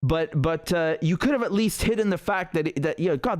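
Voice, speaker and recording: A man's voice: high-pitched, animated, normal speed, few pauses. A man hosting a live political stream, talking in a heated, sarcastic way with many restarts.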